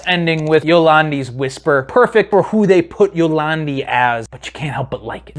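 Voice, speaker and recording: A man giving a casual, animated commentary on a music video, talking straight to his viewers and swearing now and then. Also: high voice.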